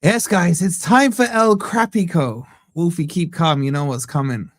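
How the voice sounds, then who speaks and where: A slightly high-voiced man hosts a live football watch-along stream from his home setup. He keeps up a steady flow of banter and shout-outs to his viewers. The sound is close and dry, with no room around it. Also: normal speed, no echo. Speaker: fan channel host.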